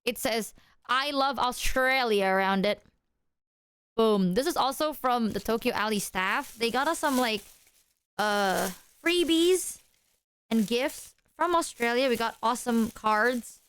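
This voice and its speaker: A woman streamer chatting to her viewers, excitable and apologetic as she shows off gifts. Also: fairly high pitch, unhurried, smooth. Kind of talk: casual stream chat to viewers.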